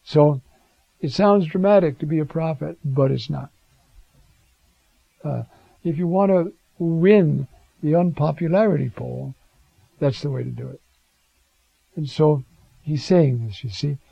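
Gravelly preacher giving a dramatic sermon. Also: male voice, measured pace, pauses often, no room sound, lo-fi sound. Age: older. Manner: dramatic, acts out biblical quotes with rising pitch.

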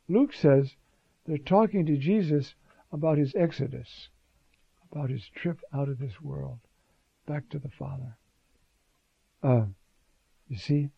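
A man teaching on scripture in a conversational way, often pausing with "uh" and "you see.". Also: a little high, vocal fry, slightly rough, dry recording, highs cut off. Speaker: Bible teacher. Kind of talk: scripture lecture.

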